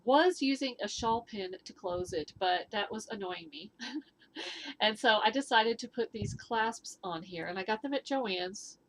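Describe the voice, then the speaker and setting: Chatty woman hosting a knitting vlog. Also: on the high side. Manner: rambling, with frequent fillers and restarts. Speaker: knitting and fitness vlog host. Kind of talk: casual chatty show-and-tell. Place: at home indoors.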